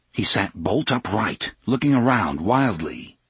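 Husky-voiced man narrating an audiobook. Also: medium pitch, no echo. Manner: measured, steady storytelling. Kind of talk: scripted narration.

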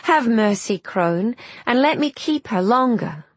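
A woman's voice: lowish voice, unhurried, husky, no room sound. A woman reading a possessive fairy-tale queen. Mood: pleading. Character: proud, possessive young queen.

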